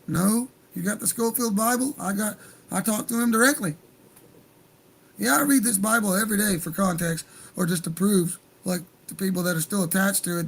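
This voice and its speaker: A man's voice: high voice, creaky, a bit bright, poor audio. A man hosting a livestream, talking in a heated, profane, rambling rant. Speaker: livestream host.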